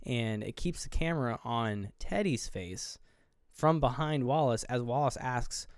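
A man's voice: medium pitch, unhurried, clear, resonant tone, no echo, studio quality. A man co-hosting a podcast, casually retelling movie scenes in a rambling way and briefly mimicking the characters. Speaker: podcast co-host. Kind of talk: casual movie review chat.

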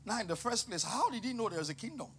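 A middle-aged male pastor preaching a sermon, passionate and emphatic, moving from quiet teaching to loud, shouted emphasis. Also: extremely high pitch, sing-song, fast talker, a little hiss or hum.

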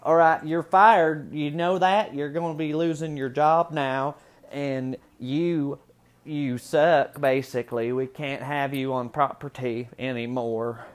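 A man voicing a loud, brash rural male boss with a hillbilly drawl as he fires a worker. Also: fairly high pitch, fairly even intonation, slow pace, pitched above the performer's own voice. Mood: scornful.

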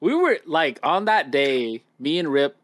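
Animated storytelling guy, dry sound. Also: on the high side, a little slow, dry recording. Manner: animated storyteller, swearing, acting out quotes. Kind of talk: casual podcast chat.

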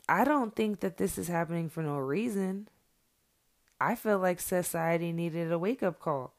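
A woman's voice: fairly low pitch, darkish tone. A woman in her thirties, a mother, talks candidly to viewers in a blunt, heated and profane monologue. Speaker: mother sharing her views.

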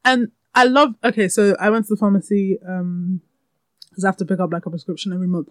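A young woman chats candidly into a close podcast mic at home, breaking into laughs as she goes. Her voice sits at an ordinary middle pitch, and the sound is dry and close. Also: steady tone, fast, no echo. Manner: candid and chatty, often laughing. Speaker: podcast host. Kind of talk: casual solo podcast chat. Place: room at home with window open. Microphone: podcast microphone, close.

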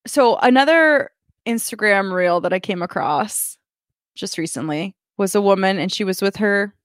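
A woman co-hosting a podcast in casual chat, telling lively anecdotes and acting out what people said. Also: medium pitch, normal speed, no room sound, clean studio sound. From United States. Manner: animated storyteller, acts out quotes with laughs. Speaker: podcast co-host.

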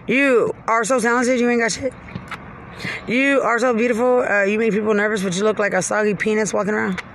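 A woman's voice: fairly high pitch, a bit bright, slight background noise. A woman from Texas, ranting from inside her car in an agitated, profane, rambling way. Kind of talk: angry rambling rant.

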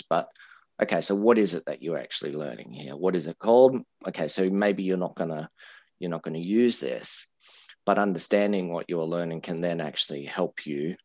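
Deep-voiced man explaining language learning. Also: dry recording. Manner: repeats words while finding his phrasing. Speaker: English teacher, co-host. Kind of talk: casual explanatory chat.

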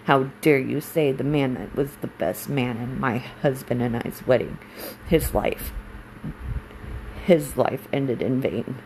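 A woman's voice: extremely low pitch, takes it slowly, a little mellow, slight background noise, rough recording. A woman in her forties, a military spouse, talking candidly and emotionally about her own life, blunt and swearing when angry. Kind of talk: candid personal monologue.

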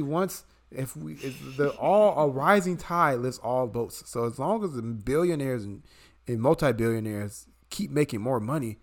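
A man putting on a sarcastic voice of a smug, wealthy male free-market cheerleader. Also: on the high side. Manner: sarcastic, mocking. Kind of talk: satirical impression in podcast chat.

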